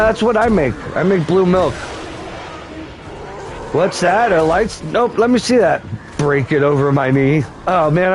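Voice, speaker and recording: A man's voice: sits high, slight background noise. A man riffing as a taunting farmer uncle. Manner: taunting, scornful, rambling rants. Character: sarcastic mocking farmer uncle, grown man.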